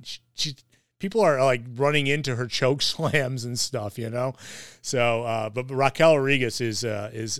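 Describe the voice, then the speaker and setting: A man's voice: mid-range voice, fairly bright tone, clean tone, no room sound, studio quality. A man hosting a casual wrestling podcast, rambling with lots of fillers and restarts. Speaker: podcast host.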